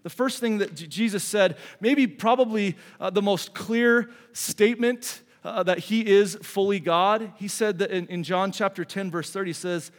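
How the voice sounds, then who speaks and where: Speaking at a normal pace with hardly any pauses, a middle-aged man delivers a sermon as a pastor in a large hall. His high voice sounds sincere and chatty, and he often starts sentences over.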